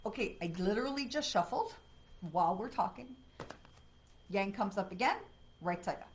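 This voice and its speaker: A woman hosting a live card-reading stream, chatty and excitable, with lots of fillers, talking from home. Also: medium pitch, a little hiss or hum, low-quality recording. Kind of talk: casual livestream talk. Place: home, dog nearby.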